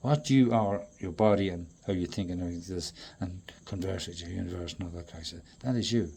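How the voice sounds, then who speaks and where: A man in a rambling, profane monologue that swings between loud outbursts and low mutters. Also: fast talker, gravelly, slight background noise.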